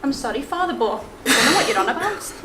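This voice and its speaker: Here is a young wife from Liverpool, protesting and defensive, her voice high and darting all over the place, as an actress plays her. She is caught from a distance on a stage, with the room ringing around her. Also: sing-song, quick pace, noisy background. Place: theatre stage. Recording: roomy stage sound from far off, faint ambience.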